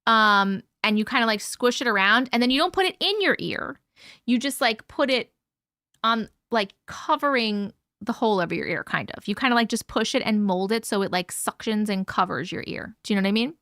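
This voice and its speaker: A woman's voice: on the high side, expressive, fairly quick, sharp tone, dry recording, clean studio sound. A young woman from the United States hosting a live stream, chatting casually, swearing freely, laughing often and filling her talk with "like.". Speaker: livestream host. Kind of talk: casual live chat reading viewer comments.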